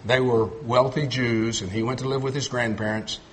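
A middle-aged man preaching a sermon, telling folksy stories and swinging between loud emphatic points and quiet low asides. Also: fairly even intonation, moderate pace. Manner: storytelling with folksy humor.

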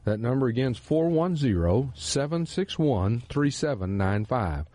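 A man's voice: mid-range voice, very animated, normal speed, warm tone, no room sound. A man with a Texan accent, hosting a radio Bible teaching program in an earnest, emphatic preaching manner. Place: radio studio.

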